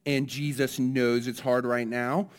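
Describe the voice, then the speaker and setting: A man pastor who gives a children's message and then a sermon. He talks in a lively way and keeps asking his listeners questions. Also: medium pitch, a little slow.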